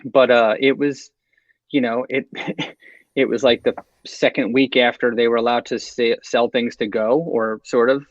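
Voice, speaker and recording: A man guesting on a podcast who speaks with a New Jersey accent at a middling pitch. His talk is loose and halting, with lots of fillers along the way. The recording is dry and a bit dull, with the top end rolled off. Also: steady tone, dry recording. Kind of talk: casual chat.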